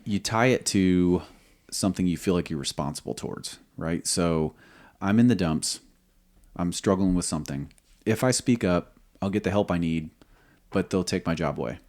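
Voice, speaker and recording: A man's voice: low-pitched, a little mellow. A man speaking earnestly on a faith podcast, reasoning step by step about asking for help. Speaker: podcast co-host, former squadron commander. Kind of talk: reflective faith talk.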